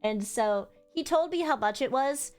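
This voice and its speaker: A woman's voice: high-pitched, animated, normal speed, darkish tone, smooth. A young woman streamer telling a story in casual, rambling livestream chat, emotional and swearing freely. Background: faint music.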